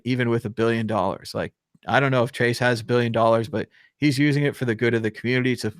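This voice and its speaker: A man's voice: medium pitch, no room sound, clean studio sound. A man hosting a live call-in show, chatting casually, joking and laughing between rambling remarks. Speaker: show host.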